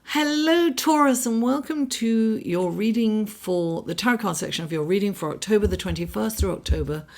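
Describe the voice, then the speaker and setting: A woman astrologer with a raspy voice from being under the weather, giving a weekly horoscope and tarot reading in an unhurried, reflective way with many fillers. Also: medium pitch, slight background noise.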